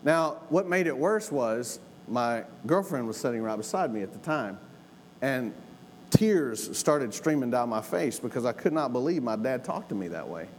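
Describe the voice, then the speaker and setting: A man's voice: medium pitch, very animated, moderate pace. A middle-aged man telling a family story in a sermon, folksy and earnest, repeating lines for emphasis. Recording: long hall reverb, faint room noise.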